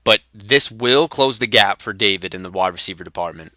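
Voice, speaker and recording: Brief: young male host, lowish, casual. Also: a little fast, sharp tone, dry recording. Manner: casual analysis with fillers. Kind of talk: comedy sports show hosting.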